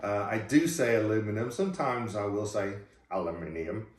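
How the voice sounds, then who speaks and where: A man's voice: fairly low pitch, lively intonation, normal speed. Middle-aged male host, easygoing and self-deprecating, mic set back in a roomy space. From United Kingdom. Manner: chatty, laughing, self-deprecating. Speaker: host, former royal chef. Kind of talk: casual Q&A chat. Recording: roomy sound from a distant mic.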